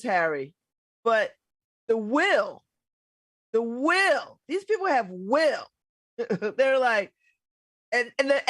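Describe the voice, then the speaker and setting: A woman's voice: high voice, fairly bright tone, no room sound. A middle-aged woman hosting a casual political talk show, blunt and emphatic, laughing often. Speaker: radio host.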